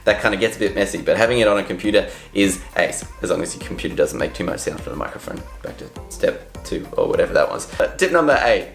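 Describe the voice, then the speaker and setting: A man's voice: sits low, lively intonation, fast talker, creaky, hardly any pauses. An upbeat, chatty man gives voiceover tips, standing at a microphone in a furnished room. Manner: chatty, upbeat, laughs at himself. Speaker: vlogger giving voiceover tips. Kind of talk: casual tips vlog. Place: room with couches and chairs. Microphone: studio microphone, standing. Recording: roomy echo, faint music.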